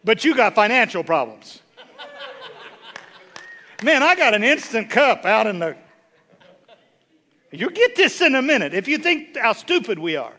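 A man's voice: very high voice, sing-song, a little slow, long pauses, bright, forceful tone. A man preaching a sermon as a bishop, folksy and humorous, telling stories that build to emphatic bursts.

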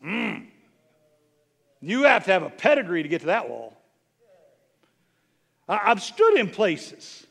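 Middle-aged bishop, male; very high, lively voice; snarky, teasing sermon delivery. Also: takes it slowly, creaky, long pauses. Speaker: bishop preaching.

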